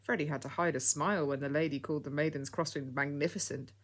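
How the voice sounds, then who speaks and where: A woman reading a children's story aloud as narrator, in a steady storytelling manner. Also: sits low, fast talker.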